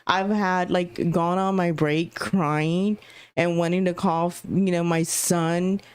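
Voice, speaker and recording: A woman's voice: fairly low pitch, fairly even intonation, takes it slowly, smooth, dry recording. A young adult woman co-hosting a casual podcast chat, telling candid stories about her work calls and laughing often. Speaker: podcast co-host.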